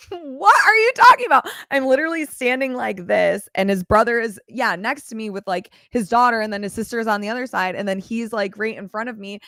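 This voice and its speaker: A woman's voice: mid-range voice, a little fast, few pauses, a bit bright, no echo, clean studio sound. A young woman hosting a live chat, telling a personal story casually on a clip-on mic, full of "like" and laughter. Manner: chatty, peppered with "like", laughs while telling. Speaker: host.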